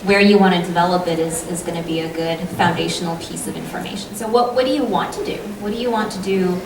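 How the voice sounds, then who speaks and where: A woman's voice: lowish voice, quick pace. A woman voice actor answering audience questions on a convention panel in a chatty, eager way. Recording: echoey hall, distant mic, noisy crowd.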